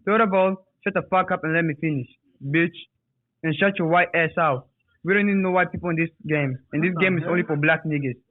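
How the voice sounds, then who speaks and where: Angry man yelling over a phone line. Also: fairly high pitch, fairly quick. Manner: yelling insults, aggressive. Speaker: caller. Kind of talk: angry call-in rant.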